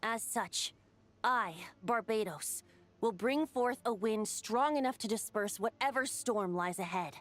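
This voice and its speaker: A woman's voice: fairly high pitch, a little slow, fairly bright tone. A woman voicing a playful young male bard who is a wind god, speaking as a lilting, teasing storyteller in a video game. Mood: solemn.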